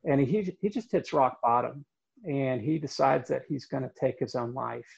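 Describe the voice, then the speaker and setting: A man telling a story in conversation, earnest and halting, with many fillers. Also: medium pitch, gravelly, slightly rough, highs cut off.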